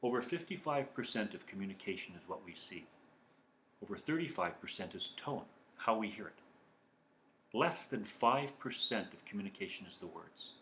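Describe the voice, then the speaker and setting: A man giving calm, earnest self-help advice as a coach speaking to viewers. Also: lowish voice, normal speed, slight background noise. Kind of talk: motivational talk to viewers. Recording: echoey room.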